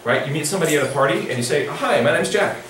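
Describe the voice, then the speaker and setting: A middle-aged man leading a drawing workshop, chatting with his audience in a playful, animated way. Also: a little high, racing, noisy background. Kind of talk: live workshop lecture. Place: large echoey lecture room. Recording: echoey hall recording from far off.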